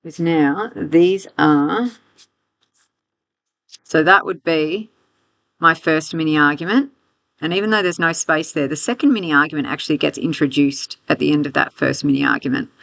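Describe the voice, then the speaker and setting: Woman teacher going through an article out loud, keeps asking herself questions, dry close sound. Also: low voice, normal speed, vocal fry, no room sound. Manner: thinks aloud with restarts and rhetorical questions. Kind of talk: walking students through a reading text.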